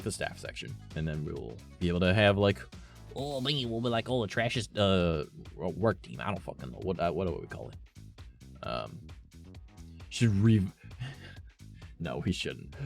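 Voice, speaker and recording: A man's voice: low voice, vocal fry, darkish tone. A man streaming and chatting casually with his viewers, rambling and cursing often, with lots of "like" in his talk. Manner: rambling, swears often, heavy use of "like". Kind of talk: casual chat with a live stream audience.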